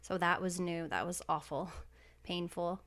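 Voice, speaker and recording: A woman's voice: lowish voice, steady tone, a little slow, fairly bright tone. A woman in her thirties, a podcast guest, telling a personal story in a heartfelt, emotional way with many fillers.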